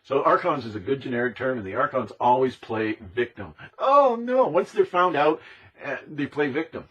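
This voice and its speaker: A man's voice: mid-range voice, lively intonation, normal speed, fairly bright tone, husky, lo-fi sound. A man delivering an impassioned, emphatic monologue, repeating himself and now and then mimicking other people's voices. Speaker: speaker on conspiracy topics.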